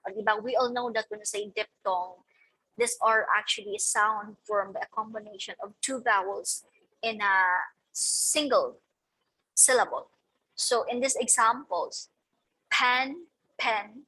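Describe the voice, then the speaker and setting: A woman's voice: a little high, unhurried, bright, forceful tone, slightly rough, poor audio. A young woman, explaining a lesson step by step and marking each point with "okay" and "so". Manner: methodical, repeats "okay" and "so" between points. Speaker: teacher presenting a lesson. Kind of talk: explaining slides in a recorded lecture.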